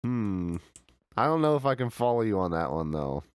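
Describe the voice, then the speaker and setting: A man's voice: lowish voice, sing-song, moderate pace, clean tone, dry recording. A man streaming a game, chatting casually and easygoing, answering his chat with frequent laughs.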